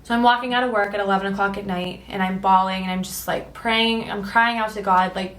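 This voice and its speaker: A woman's voice: mid-range voice, normal speed, few pauses. A young woman vlogging her personal testimony, earnest and emotional, acting out what she and others said. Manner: earnest and emotional, quotes herself and others in lively voices. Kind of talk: personal storytelling. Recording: echoey room.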